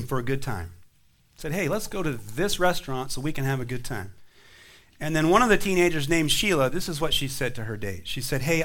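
A man pastor preaching a sermon, swinging between emphatic rises and quiet drops. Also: on the high side.

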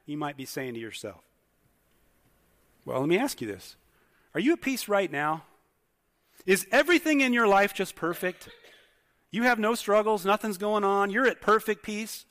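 A man's voice: sits high, big pitch swings, moderate pace, pauses often, a bit bright. Guy pastor giving a sermon, asks the room lots of questions, big echoey hall. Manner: conversational, asks the congregation many questions. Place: church hall with congregation. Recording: long hall reverb.

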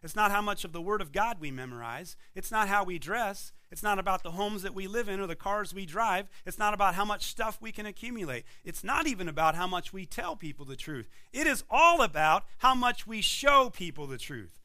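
A man preaching a sermon as pastor, building emphatic points and dropping to quiet moments. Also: high-pitched, animated, a little fast, hardly any pauses. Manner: emphatic preaching with rising and falling intensity.

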